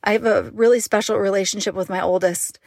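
A woman's voice: medium pitch, fairly even intonation, quick pace, creaky, darkish tone, dry recording. Chatty mom in her 30s from utah talking to camera, gets emotional, mid voice, dry sound. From Utah, United States. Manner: chatty, emotional, asks the viewer questions. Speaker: mom vlogger and online business owner. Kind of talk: personal vlog monologue.

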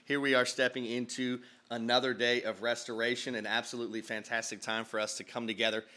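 A man's voice: mid-range voice, level tone, fast talker, bright, forceful tone. A man hosting a casual podcast from his home office, upbeat and rambling, often breaking into laughter. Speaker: podcast host and pastor. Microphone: studio mic with headphones.

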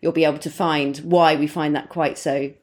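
A woman with a fairly low voice co-hosts a relaxed astrology podcast. She rambles through her ideas in a loose, chatty way and laughs often between thoughts. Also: normal speed. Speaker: podcast co-host. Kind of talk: casual astrology chat.

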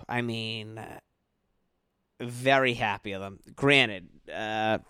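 A man's voice: fairly low pitch, drawn-out words, sharp tone, clean tone, dry recording, studio quality. A young man, tipsy and tired, rambling and swearing through a late-night sports rant in his bedroom. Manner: profane, rambling, yawning. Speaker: podcast host.

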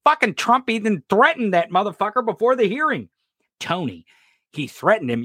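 A man's voice: sits high, big pitch swings, moderate pace, pushed and bright, husky, dry recording, studio quality. A man co-hosting a political commentary podcast, talking in an impassioned, profane rant with sarcastic jabs. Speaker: podcast co-host.

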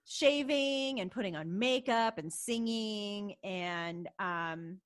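A woman co-hosting a podcast, recapping a show in casual chat, giggly and animated with many fillers. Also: medium pitch, slow. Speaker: podcast co-host.

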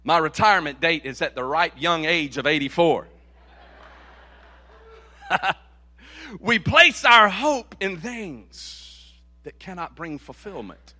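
A male pastor preaching a sermon. He repeats key phrases dramatically and swings from loud to hushed. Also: on the high side, expressive, takes it slowly, pauses often.

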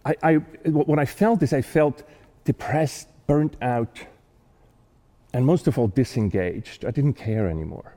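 A man giving a talk, telling a personal story in an earnest, animated way with frequent restarts. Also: medium pitch, measured pace, big-room sound. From not American-born.

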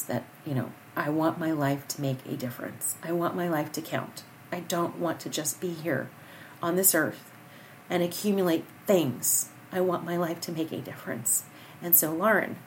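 A woman's voice: on the low side, a little hiss or hum. Earnest, encouraging woman podcast host. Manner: earnest, encouraging, rambling with restarts. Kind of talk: personal monologue.

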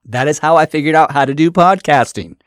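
A man's voice: a little high, fairly quick, no room sound, studio quality. A man hosting his own podcast, giving an emphatic, repetitive motivational talk as a coach.

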